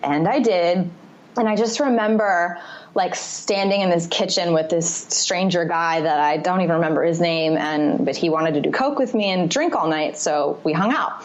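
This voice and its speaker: A woman's voice: on the low side, moderate pace. A woman speaking as a podcast guest, telling a personal story in a candid, confessional, rambling way with many fillers. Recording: slightly muffled podcast audio.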